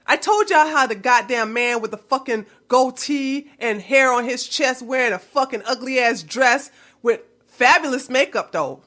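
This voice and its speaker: A woman's voice: high-pitched, a bit bright. A woman vlogger delivering a heated, blunt commentary rant full of swearing. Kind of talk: profane ranting commentary.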